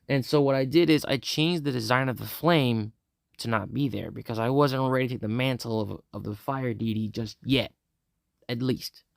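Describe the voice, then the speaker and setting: A man's voice: medium pitch, moderate pace, gravelly, no room sound, clean studio sound. A young man casually telling a first-person fan story, rambling with many restarts, sighs and laughs.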